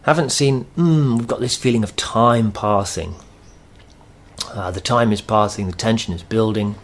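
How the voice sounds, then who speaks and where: Low-voiced man teaching grammar slowly. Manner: slow, patient explaining with thoughtful pauses. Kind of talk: recorded grammar lesson.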